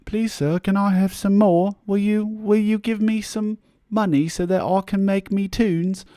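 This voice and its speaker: A man putting on a whiny, high, old-fashioned begging voice to play a meek beggar asking for money. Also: fairly even intonation, measured pace, warm tone, no room sound, studio quality. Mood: pleading.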